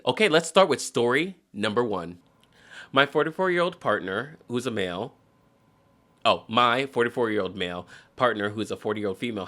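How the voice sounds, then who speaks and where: A man's voice: mid-range voice, a bit bright. A man hosting a casual show, reading relationship posts aloud and breaking in with sassy, mock-exasperated asides. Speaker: podcast host.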